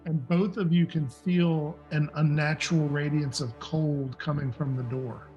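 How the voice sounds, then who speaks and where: An American man running a tabletop game as dungeon master, narrating scenes and switching quickly into characters. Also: a little high, fairly even intonation, darkish tone, lo-fi sound, soft background music.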